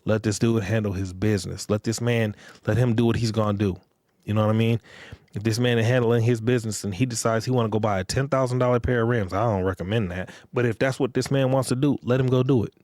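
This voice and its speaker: A man's voice: on the low side, steady tone, fast, a little mellow, dry recording, studio quality. A man hosting a podcast, giving relationship advice in a blunt, profane, lecturing monologue and repeating phrases for emphasis. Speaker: podcast host.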